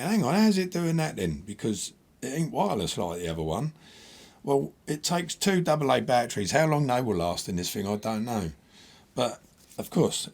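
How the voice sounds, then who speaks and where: Husky guy hosting a gear demo, blunt and chatty. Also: medium pitch. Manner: blunt, animated, chatty explaining. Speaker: host. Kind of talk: casual gear demo chat.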